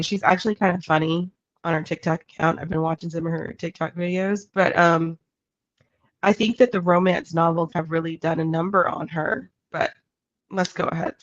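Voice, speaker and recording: A woman's voice: on the low side, fairly even intonation, moderate pace, no room sound. A woman co-hosting an online recap show, chatting casually and teasing her co-host. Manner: joking, teasing. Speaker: podcast co-host. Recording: dry, dull lo-fi audio.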